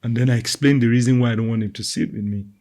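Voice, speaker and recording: A middle-aged man talking casually about parenting, animated and quick to act out the voices of the people he quotes. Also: mid-range voice. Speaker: parenting podcast co-host. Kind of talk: casual conversational talk.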